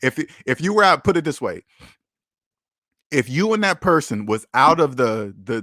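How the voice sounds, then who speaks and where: A man's voice: a little high, a bit bright, no echo, clean studio sound. A man hosting a casual livestream, talking bluntly and emphatically, with profanity and lots of repetition. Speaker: livestream host.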